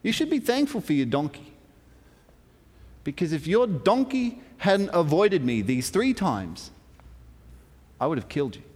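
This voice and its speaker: A man voicing a stern angel with a drawn sword, speaking gravely in a low, hushed tone. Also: sing-song, measured pace, long pauses, heavily acted. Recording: long hall reverb.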